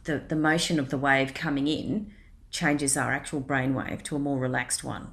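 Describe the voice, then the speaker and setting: A woman's voice: very deep voice, fairly even intonation, moderate pace, fairly bright tone. An Australian woman hosting a community radio interview, tossing in playful joking asides.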